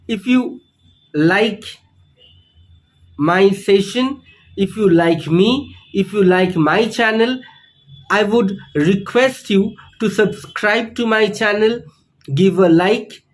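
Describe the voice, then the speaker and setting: A man gives a pronunciation lesson in a high voice. He speaks slowly and deliberately and repeats each word clearly so learners can follow. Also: rough recording. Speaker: English teacher.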